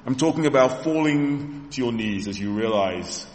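A man's voice: medium pitch, expressive, normal speed, a little mellow. Guy giving a sermon, tells bible stories like he's there, big roomy church echo. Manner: retells scripture scenes as vivid stories, addressing the congregation. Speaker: preacher. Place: church hall. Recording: echoey hall reverb.

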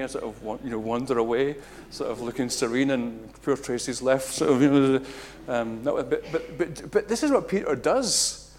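Male pastor, middle-aged, animated sermon delivery with dramatic swings. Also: medium pitch, normal speed, few pauses. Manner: animated, acts out quotes with big swings in loudness. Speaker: preacher.

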